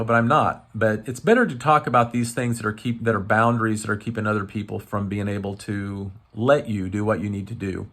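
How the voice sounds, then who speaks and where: A man coaching viewers in an unscripted talk, earnest and halting, with many fillers and restarts. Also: mid-range voice, fairly bright tone. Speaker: wellness coach. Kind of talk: unscripted teaching to camera.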